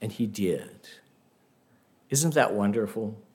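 A man preaching a sermon, telling stories in an unhurried way and asking the listeners rhetorical questions. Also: on the low side, lively intonation, darkish tone.

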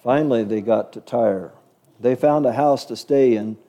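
A man's voice: mid-range voice, normal speed, warm tone. A man teaching a Bible story to children in a chatty way, asking them questions along the way. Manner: asks the listeners questions, chatty.

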